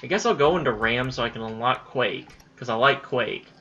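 A man giving casual let's-play commentary during a boss fight, excitable, swearing and yelling at enemies. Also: mid-range voice, a little fast, muffled recording. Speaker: gamer playing through a boss fight.

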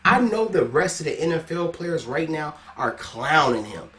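Animated man reacting out loud. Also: fairly high pitch, moderate pace, slight background noise. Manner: animated, exclaiming and laughing. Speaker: reaction video host. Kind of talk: casual reaction commentary.

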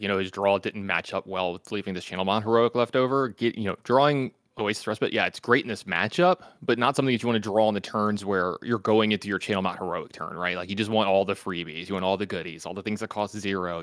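An American man in his thirties breaks down a card game match at a rapid clip. His voice sits a bit low, with a dry, close sound and lots of filler words. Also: a bit bright, dry recording. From United States. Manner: analytical, talks fast with many fillers. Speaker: commentator.

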